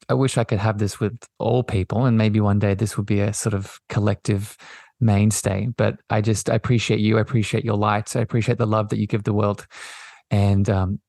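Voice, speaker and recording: A man hosting a podcast, talking in a gentle, affirming way and often circling back over his words. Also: fairly low pitch, vocal fry, dry recording, studio quality. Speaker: podcast host. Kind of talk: reflective spiritual conversation.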